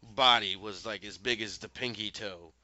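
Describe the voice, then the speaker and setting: A man's voice: lowish voice, normal speed, bright, forceful tone, no room sound, highs cut off. A man hosting a podcast who casually recaps a TV episode, rambling with fillers and self-corrections and acting out the characters' lines. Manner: retells scenes, quoting characters' lines.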